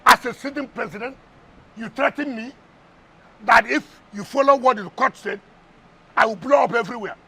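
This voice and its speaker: A man's voice: very high voice, normal speed, vocal fry, long pauses, bright, forceful tone, slightly rough. A man with a Nigerian English accent, a politician guest on a heated TV interview, firing rhetorical questions and repeating words for emphasis.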